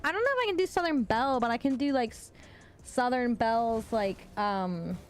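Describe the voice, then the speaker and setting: A woman streamer talks to her chat while she plays, rambling through filler words and tossing out casual swears. Her voice sits at an ordinary middle pitch, and a faint hiss runs underneath. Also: animated, normal speed. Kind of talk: casual gaming livestream chat.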